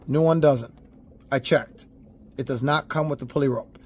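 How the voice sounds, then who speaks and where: A man giving a casual toy unboxing review, talking straight to viewers with animated, profane, exasperated rants. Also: medium pitch, normal speed, slightly rough.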